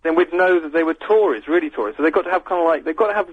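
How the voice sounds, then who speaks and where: Male radio host, rambling jokey banter, slightly raised pitch, husky, tinny phone-like audio. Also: racing, no echo. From English countryside. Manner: rambling, jokey, self-mocking storyteller.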